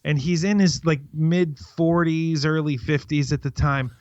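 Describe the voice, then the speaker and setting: A man's voice: on the high side, steady tone, measured pace, darkish tone, no echo. A middle-aged man co-hosting a movie podcast, telling long rambling stories in casual chat. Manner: rambling storyteller, chatty and self-interrupting. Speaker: podcast co-host. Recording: dry, slightly dull lo-fi sound.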